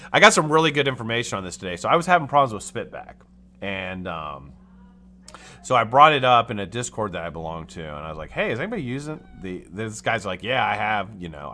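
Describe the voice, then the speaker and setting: Male host from the US, chatty live-stream voice, bright tone, plenty of pitch swing, casual cussing. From United States. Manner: animated, chatty, swears casually. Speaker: livestream host.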